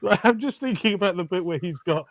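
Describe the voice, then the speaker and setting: A man guest on a film podcast, animated and laughing often as he chats. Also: sits high, quick pace, no room sound. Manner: animated, laughs often, quotes lines in voices. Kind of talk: casual film discussion.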